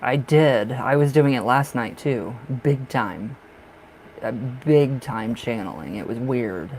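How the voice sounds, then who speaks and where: A man's voice: mid-range voice, slow, darkish tone, a little hiss or hum, poor audio. Man tarot reader on a live stream, from the northern US, chatty and giggly, mid-range voice. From northern United States. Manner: chatty, laughs often, repeats himself.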